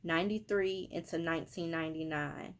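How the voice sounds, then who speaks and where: Deep-voiced woman, repeats herself a lot, casual medium talk. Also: fairly even intonation, fairly quick. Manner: emphatic, repetitive, with many fillers. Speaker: spiritual medium. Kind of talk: casual social media monologue.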